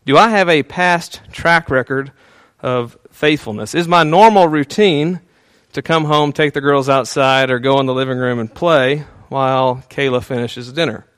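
A male pastor speaking at an ordinary middle pitch, talking through his sermon casually, with frequent "uh"s and chuckles at himself. When he prays, his voice grows soft and hushed. The sound is dry and close, with no room echo. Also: normal speed, clear, resonant tone. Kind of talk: conversational sermon.

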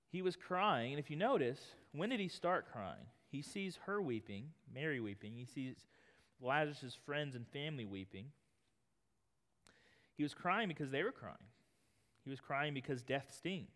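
A pastor in his thirties, with a mid-range and slightly bright voice, delivers a sermon in a church sanctuary. He reads scripture and speaks earnestly yet conversationally, and the recording carries a long hall reverb.

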